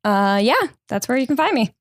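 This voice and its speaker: A woman guest co-host chats casually on a movie podcast, laughing often between her words. Her voice sits a little high, recorded dry with no room sound. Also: brisk, no room sound. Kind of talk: casual chat.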